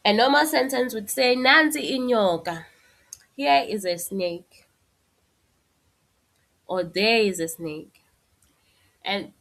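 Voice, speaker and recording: A woman teaches a relaxed language lesson. She speaks slowly and patiently, translating every example sentence she gives. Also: on the high side, creaky. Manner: explains patiently, switching between Zulu and English with translations.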